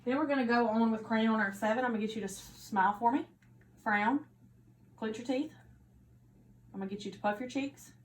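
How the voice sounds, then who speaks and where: A woman's voice: a little high, fairly quick, pauses often. Woman narrating a nursing exam. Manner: steady, instructive, step-by-step directions. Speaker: nursing student performing an exam. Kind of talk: narrated physical assessment demo. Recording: echoey room with faint ambience.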